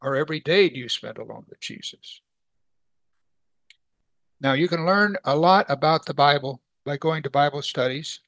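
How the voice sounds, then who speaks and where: A man's voice: a little high, normal speed, long pauses, fairly bright tone, dry recording. A man teaching a weekly Bible study in a conversational way, asking his class rhetorical questions.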